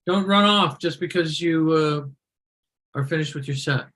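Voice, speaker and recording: A man's voice: a little high, normal speed, fairly bright tone. A man hosting a comedy show over a video call, roasting people with sarcastic jokes. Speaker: show host.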